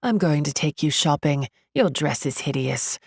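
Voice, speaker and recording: A woman's voice: low-pitched, lively intonation, moderate pace, darkish tone, husky, dry recording, clean studio sound, heavily acted. A woman voicing a glamorous, upset British society wife with a British accent, who speaks in a clipped, haughty, blunt way. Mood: brittle haughty.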